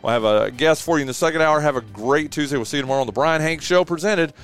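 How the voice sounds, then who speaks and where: A man hosting a local radio talk show, signing off in a relaxed, drawn-out way with plenty of "uh" and "man". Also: fairly high pitch, clean tone, soft background music. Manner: easygoing, drawn-out with many "uh"s and "man"s. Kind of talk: casual radio sign-off and chat. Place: radio studio. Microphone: studio microphone.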